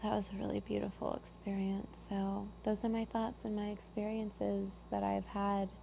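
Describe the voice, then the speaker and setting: A young woman giving an earnest personal share in a support group, talking haltingly with many restarts. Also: flat delivery, vocal fry, dark tone. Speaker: group member sharing. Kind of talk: personal sharing. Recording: muffled low-fidelity audio with faint hum.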